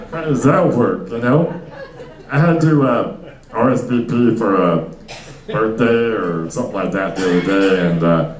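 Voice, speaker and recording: In an echoey comedy club, a young stand-up comic speaks in a low voice, miked from a distance before a small audience. His set wanders loosely through filler-heavy bits and asides, with plenty of back-and-forth with the crowd.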